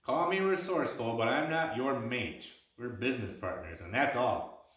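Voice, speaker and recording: A man voicing a spirited young tavern girl who talks briskly and bossily, with old-style turns of speech like "ye". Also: medium pitch, animated, fairly bright tone, lightly acted. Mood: bossy. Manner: brisk, bossy, uses old-style "ye" and "me mum". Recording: echoey room, mic at a distance.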